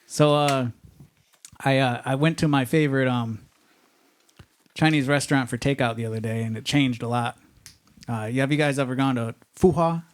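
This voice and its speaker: A man's voice: mid-range voice, normal speed, long pauses. A man doing a stand-up set on a comedy club stage, rambling and conversational, asking the crowd if they know what he means.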